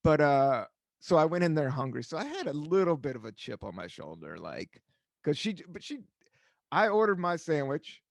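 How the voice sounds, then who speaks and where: A man's voice: a little high, sing-song, normal speed, vocal fry, no room sound. A man in his forties from the United States hosting a podcast, rambling through stories in casual chat, swearing freely and acting out what people said. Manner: rambling storyteller, swears freely, acts out quotes. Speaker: podcast host.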